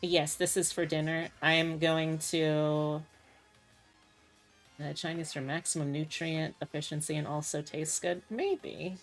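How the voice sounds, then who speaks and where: A woman streamer talks casually to her chat, rambling and indecisive. Her voice sits low and her pace is unhurried. Soft music plays faintly behind her. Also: level tone. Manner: rambling, indecisive, self-mocking.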